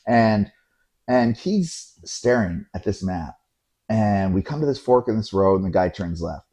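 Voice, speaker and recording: A man hosting a podcast, telling a story in a casual, animated way, acting out voices and swearing now and then. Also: fairly low pitch, unhurried. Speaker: podcast host.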